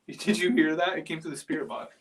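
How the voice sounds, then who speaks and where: A man investigating an old building, talking excitedly and rambling with lots of fillers, sometimes dropping to a whisper. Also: a little high, normal speed. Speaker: paranormal investigator. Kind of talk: live on-location ghost hunt. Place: walking through an old building indoors.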